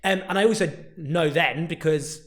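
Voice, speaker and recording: A British man, a political commentator guest, speaking in a rapid, animated, casual way with frequent restarts. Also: fairly high pitch. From Britain. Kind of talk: casual interview chat.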